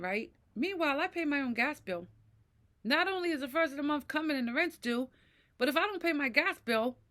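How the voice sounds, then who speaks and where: Her voice a little high, pushed and bright, a middle-aged woman vents in a vlog monologue about mental health, cursing and repeatedly asking "right?".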